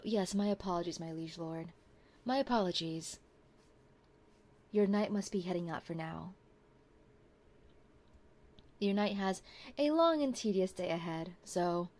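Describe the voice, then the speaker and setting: A woman voicing a humble, devoted knight in a whispered role-play, speaking softly in formal, courtly address. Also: medium pitch, natural voice. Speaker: streamer.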